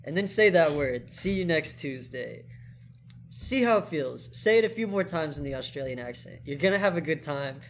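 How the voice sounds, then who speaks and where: A man's voice: a little high, lively intonation, a little fast, few pauses, slight background noise. A young man co-hosting a podcast, giving playful joking advice in casual banter. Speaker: podcast co-host.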